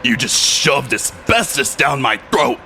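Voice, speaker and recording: A man doing a gravelly, grumbling construction worker. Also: mid-range voice, lively intonation, unhurried, bright, forceful tone, slight background noise, full character voice. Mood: indignant. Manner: grumbling, indignant. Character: gruff, put-upon male construction worker.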